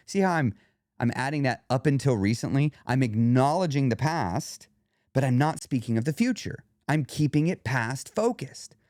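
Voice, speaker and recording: A man hosting a weight loss podcast, coaching the listener directly in a lively monologue. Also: medium pitch, moderate pace, no room sound, clean studio sound. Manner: animated, coaching, talks straight to the listener.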